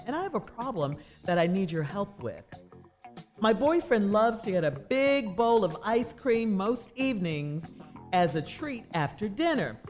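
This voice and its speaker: A woman radio co-host reading a listener's advice letter aloud, laughing easily. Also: mid-range voice.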